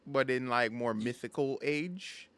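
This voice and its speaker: A man hosting a casual gaming podcast, talking in an animated, rambling way with frequent restarts. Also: medium pitch, unhurried. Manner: animated, rambling, stumbles and repeats words. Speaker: podcast host. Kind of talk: casual chat.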